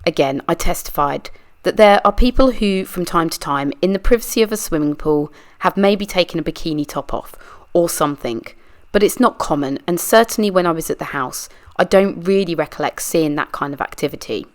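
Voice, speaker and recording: A woman's voice: fairly low pitch, brisk, natural voice. A woman reading a deposition aloud, voicing a guarded woman witness who gives short, evasive answers. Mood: terse, guarded. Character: guarded adult woman witness under questioning. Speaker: true crime channel reader. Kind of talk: read-aloud deposition reenactment.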